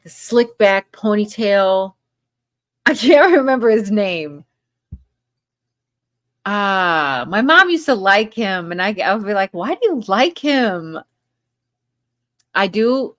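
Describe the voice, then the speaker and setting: Slow, chatty woman hosting a live chat. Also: medium pitch, a bit bright. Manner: chatty, laughs often between remarks. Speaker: livestream host. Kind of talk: casual live chat, reading viewer comments aloud.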